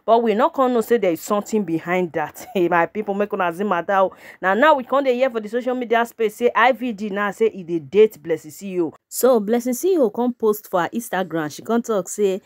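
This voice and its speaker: A woman's voice: medium pitch, brisk, hardly any pauses, dry recording, clean studio sound. Chatty Nigerian Pidgin gossip host, woman. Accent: Nigerian Pidgin English. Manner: chatty, repeatedly addressing her audience. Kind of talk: casual gossip commentary.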